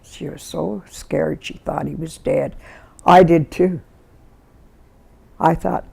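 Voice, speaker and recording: A woman's voice: low voice, takes it slowly, gravelly, long pauses, husky. A woman, recalling her life in an oral history interview and acting out the people in her stories. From Canada. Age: 90s. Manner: lively storyteller who acts out the people in her stories.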